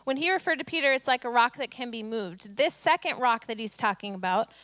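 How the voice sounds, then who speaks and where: A woman's voice: a little high, lively intonation, a little fast, a bit bright, no room sound. A woman pastor delivering a conversational sermon, reading scripture and building to emphatic declarations.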